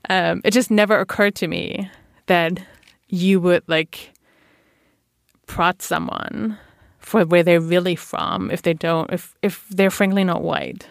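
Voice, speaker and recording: A woman's voice: fairly low pitch, lively intonation, slow, creaky, no echo, clean studio sound. A woman from Germany with a German accent, chatting as a guest and telling stories with fillers and laughs. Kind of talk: casual interview chat.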